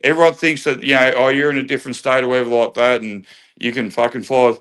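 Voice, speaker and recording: A man's voice: medium pitch, little pitch movement, quick pace, fairly bright tone, smooth. An Australian man hosting a livestream, arguing heatedly, swearing and repeating himself as he lectures.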